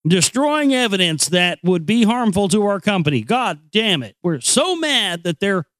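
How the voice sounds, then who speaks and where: A man's voice: high-pitched, fairly bright tone, dry recording, studio quality. A man voicing a fake-outraged male corporate spokesman in a sarcastic, mock-indignant tone.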